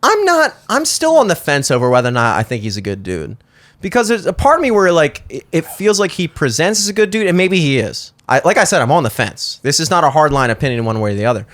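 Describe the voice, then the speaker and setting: A man with a Baltimore accent chats on a podcast, rambling, swearing freely and restarting his sentences. His voice sits a bit higher than most men's. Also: big pitch swings, fast, a bit bright. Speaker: podcast host. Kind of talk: casual chat. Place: studio.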